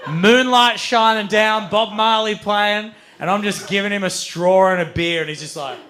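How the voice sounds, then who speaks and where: A man telling a long story on stage as a stand-up comedian, swearing freely and getting animated. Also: high voice, moderate pace, background noise. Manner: animated, swearing, building to shouts.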